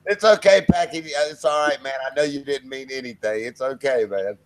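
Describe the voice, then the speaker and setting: A man's voice: mid-range voice, moderate pace, rough recording. A man in casual comedy chat who talks in an easygoing, agreeable way and keeps calling people man.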